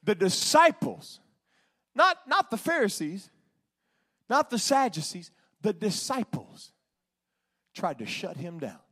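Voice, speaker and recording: A male preacher delivering a sermon, swinging between shouted exhortation and hushed, drawn-out lines. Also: high voice, very animated, husky.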